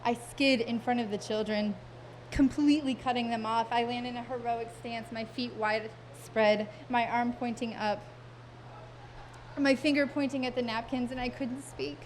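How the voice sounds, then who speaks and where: A woman with a slightly high voice tells a comic personal story live on stage. Her delivery is wry and self-mocking, full of vivid detail and well-timed pauses, with a faint hum of room noise behind her. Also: fairly even intonation. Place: live stage event before an audience.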